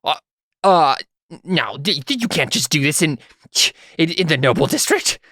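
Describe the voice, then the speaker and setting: A man's voice: a little high, big pitch swings, moderate pace, a bit bright, no room sound, clean studio sound. A man voicing a snooty young nobleman at a dice game in a tabletop role-play, with a pompous, sneering manner. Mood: flustered.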